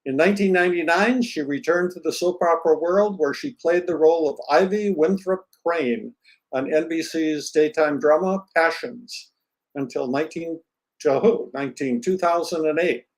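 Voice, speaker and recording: A man's voice: a little high, moderate pace, rough recording. Friendly male interview host. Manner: friendly, jokey, self-deprecating. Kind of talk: scripted introduction then casual interview.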